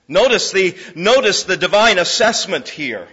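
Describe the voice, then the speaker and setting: A man with a high voice gives an earnest expository sermon, circling back over his points and restarting sentences as he goes. The recording is dull and muffled, with a long hall reverb trailing behind him. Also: lively intonation, normal speed, hardly any pauses, sharp tone, breathy edge. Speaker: pastor.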